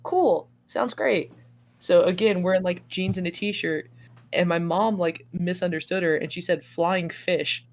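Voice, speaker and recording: Young woman guest telling stories, lively and laughing, voices the people she quotes. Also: on the low side, normal speed. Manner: animated, laughing often, acts out quoted voices. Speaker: podcast guest. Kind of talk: casual storytelling chat.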